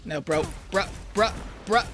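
Young male gaming creator, high voice, hyped and slangy live commentary to viewers. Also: unhurried, over music. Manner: excitable, slangy, talks straight to viewers, bursts into yells and laughter.

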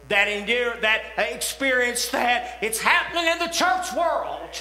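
Preacher man, high bright voice, impassioned sermon, booming church reverb. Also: a little hiss or hum. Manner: impassioned preaching that swells to shouts. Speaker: pastor. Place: church sanctuary. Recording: echoey church hall with long reverb.

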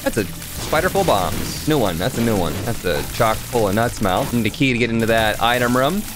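A man hosting a gaming channel, giving chatty let's play commentary with sudden excited yelps. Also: medium pitch, a little fast, music in the background.

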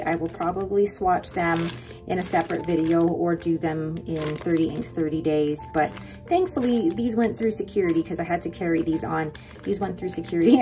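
A young adult woman talks through her purchases in an eager, rambling vlog voice, a little low in pitch. Faint music plays underneath her. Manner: chatty and excited, rambling with quick asides. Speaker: vlogger. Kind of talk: casual haul vlog.

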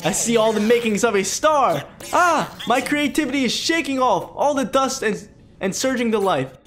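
A flamboyant ghost film director from a video game, full of grand theatrical flourishes, as a man reads his lines aloud. The voice sits high and swings widely in pitch. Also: expressive, moderate pace, a bit bright. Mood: enthusiastic.

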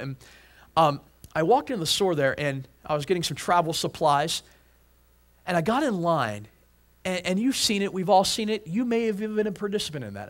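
A pastor preaching a sermon, emphatic, repeating phrases and restarting words. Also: male voice, high-pitched, fairly bright tone.

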